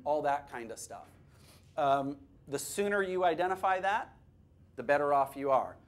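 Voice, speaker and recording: A man with a fairly high-pitched voice leads a teacher training workshop at a moderate pace. Speaking to a live audience in a classroom or workshop room, he stays lively and conversational, joking around and asking people questions.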